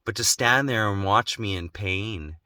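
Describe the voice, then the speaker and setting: An adult man telling a personal story in an emotional, intense way, growing slow and quiet at its gravest. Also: lowish voice, clear, resonant tone, no room sound, clean studio sound. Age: adult, has children. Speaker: vlogger.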